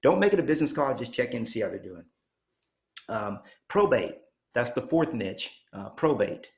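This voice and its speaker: A man in his fifties giving an energetic real estate coaching talk, punching points and checking in with "okay?". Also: medium pitch, moderate pace, creaky. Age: 50s. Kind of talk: motivational training talk.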